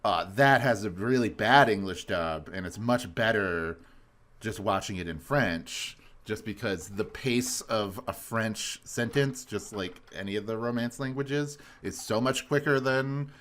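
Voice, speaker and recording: Bright-voiced rambling male co-host. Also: lowish voice, measured pace. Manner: rambling, laughs often, loose filler-heavy talk. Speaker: podcast co-host. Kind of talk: casual podcast chat.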